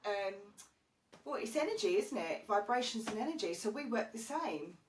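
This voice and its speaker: A woman's voice: fairly high pitch, big pitch swings, normal speed, slight background noise. Female podcast co-host, loose and musing; a little far from the mic. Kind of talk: casual podcast chat.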